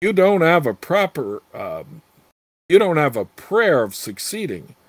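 A man's voice: a little high, sing-song, measured pace, husky, dry recording, pitched above the performer's own voice, heavily acted. A man voicing a crude, scheming old female witch with brash, earthy talk.

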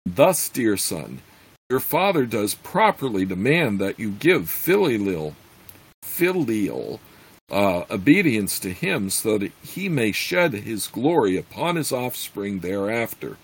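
A man voicing a huge scheming demon lord who talks down to his son, slow and imperious. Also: on the low side, very animated, slightly rough, heavily acted, poor audio.

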